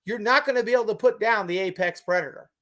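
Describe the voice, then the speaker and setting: A woman's voice: mid-range voice, fast talker, a bit bright. A woman co-hosting a live wrestling podcast, speaking emphatically and laughing often. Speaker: podcast co-host. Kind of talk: casual wrestling chat.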